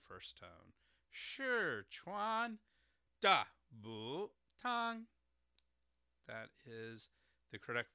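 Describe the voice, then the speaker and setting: A man's voice: mid-range voice, bright, forceful tone, clear, resonant tone, no room sound, clean studio sound. A man hosting an educational podcast as a doctor of herbal medicine, explaining terms carefully and spelling them out letter by letter.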